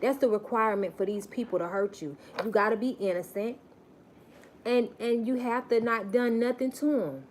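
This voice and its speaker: A woman with a slightly high voice delivers a live-stream spiritual message at a moderate pace. She's emphatic and preachy, repeating phrases for stress, and there's a little hiss or hum in the audio.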